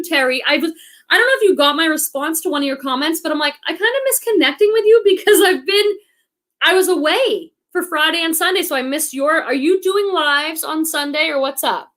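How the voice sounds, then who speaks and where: A high, fairly bright voice belongs to a forties-aged reselling streamer from the Boston area. Hosting casually, she talks through viewer comments aloud, thinking as she goes and restarting many times.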